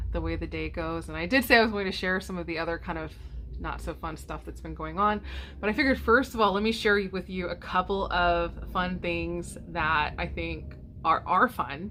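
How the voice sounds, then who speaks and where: A middle-aged woman talks to her camera from home in a loose, rambling way, full of ums and restarts. Her voice sits on the lower side, and a faint room hum runs underneath. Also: fairly bright tone. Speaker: vlogger. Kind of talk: casual chat to camera. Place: home, by a window.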